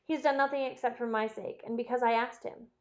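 A woman's voice: a little high, steady tone, quick pace, dull audio, pitched above the performer's own voice, natural voice. A woman voicing a distraught middle-aged housekeeper who earnestly confesses to her master, in an audiobook reading.

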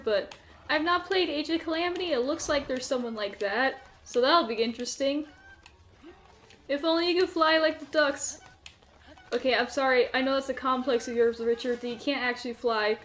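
High-pitched and fairly bright, this woman's voice carries casual let's-play commentary for her gaming channel. She sounds nervous but relaxed, laughing as she plays. She often speaks directly to her character.

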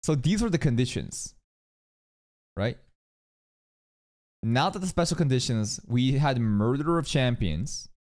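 A young man doing casual anime reaction commentary, excitable and swearing often as he talks to the screen. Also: medium pitch, a little slow, pauses often.

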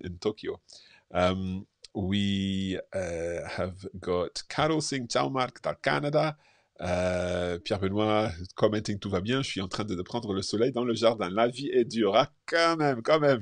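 Deep-voiced man hosting a chatty live stream. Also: gravelly, no echo, studio quality. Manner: relaxed, chatty, with frequent fillers. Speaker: host. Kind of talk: live-stream chat, reading viewer comments.

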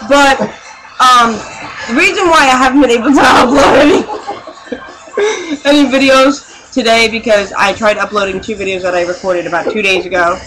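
A woman's voice: on the high side, moderate pace, background noise. A young woman vlogging to a webcam, laughing and scolding her friends in the room. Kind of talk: casual chat to camera. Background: music playing.

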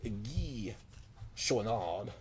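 A man's voice: lowish voice, lively intonation, extremely slow, slight background noise. A man putting on a comic accent as a jolly hockey-player persona, chuckling "ho, ho" as he speaks as the players. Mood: jokey. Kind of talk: mock-accent card commentary.

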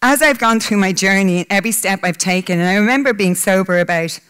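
A woman's voice: medium pitch, fast, fairly bright tone, clean tone. Woman, 30s, heartfelt speaker at a live talk, tearful edge. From Ireland. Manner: candid, emotional, breaks into laughter. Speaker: public speaker. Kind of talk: personal talk to a live audience. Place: conference hall.

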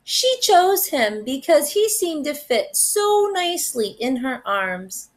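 A first grade teacher, a woman, reading a picture book aloud in an animated, expressive way. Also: high voice, takes it slowly.

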